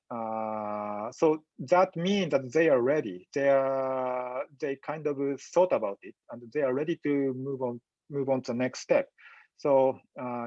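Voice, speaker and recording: A man giving a medical lecture in a webinar, speaking in a halting, measured way with frequent pauses and fillers. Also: medium pitch, darkish tone, no room sound, highs cut off. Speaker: physician lecturer.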